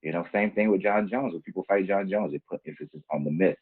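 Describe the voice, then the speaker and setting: A man speaks in a very deep, husky voice, earnest and grounded in his own experience. The sound is dry and tinny, as if it comes through a phone line. He talks as a fighter guest in a casual podcast chat. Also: fast talker, no room sound.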